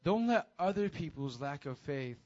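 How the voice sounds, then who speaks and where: A man preaching a casual, high-energy sermon to teenagers as youth pastor, with call-and-response. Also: big pitch swings, normal speed, a little mellow, lo-fi sound.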